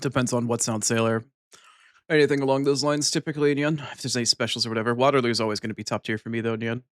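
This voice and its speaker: Between bites of food, a man live streaming talks casually with viewers, cursing freely and adding a playful cat-like "nyan" tic to the ends of his sentences. His delivery is loose, mumbled and unhurried, his medium-pitched voice a bit bright with fairly even intonation, captured in clean studio sound with no room sound.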